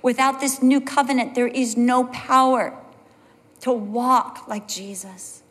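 A woman's voice: on the high side, fairly even intonation, slow. Woman Bible study teacher, earnest, emphatic repetition, long hall reverb.

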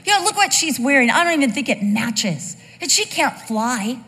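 A woman's voice: very animated, normal speed, sharp tone, full character voice. A woman voicing a flock of gossiping crows that caw and mock a passerby. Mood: catty. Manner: shrill cawing and catty whispering.

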